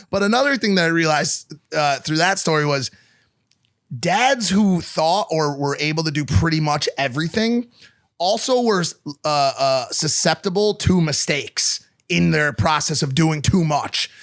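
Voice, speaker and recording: A man in his thirties co-hosting a casual podcast chat, telling stories in a loud, profane, animated way. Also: a little high, no room sound, studio quality. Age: 30s. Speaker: podcast co-host. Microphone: studio podcast mic.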